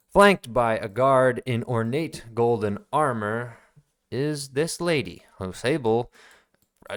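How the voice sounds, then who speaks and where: A man's voice: lowish voice, clean tone. A man running a tabletop game as game master, narrating the scene in a casual, rambling way with fillers, at a home desk.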